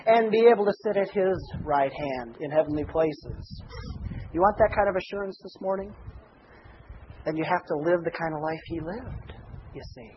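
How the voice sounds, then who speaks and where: A man with a high voice preaches a sermon, reading scripture aloud and surging into shouts on the phrases he wants to land. Between passages he drops into folksy asides and restarts. The recording is a little dull, with a faint hiss behind him. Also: sing-song, normal speed. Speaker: pastor.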